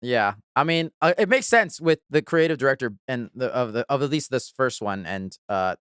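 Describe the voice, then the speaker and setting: A man's voice: mid-range voice, expressive, moderate pace, a bit bright, clean tone, no room sound, clean studio sound. A man hosting a podcast in casual chat, enthusiastic and laughing often, with frequent swearing. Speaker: podcast host.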